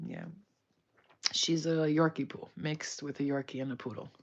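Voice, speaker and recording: A woman's voice: sits low, steady tone, normal speed. A woman chatting casually on a live stream, rambling, swearing and laughing often. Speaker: livestreamer.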